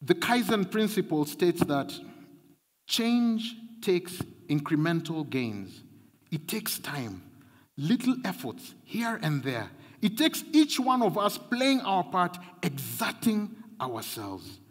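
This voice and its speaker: A man's voice: sits high, big pitch swings, slow pace. A man preaching a sermon, emphatic and repetitive, his intensity rising and falling. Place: large church hall. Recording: long hall reverb.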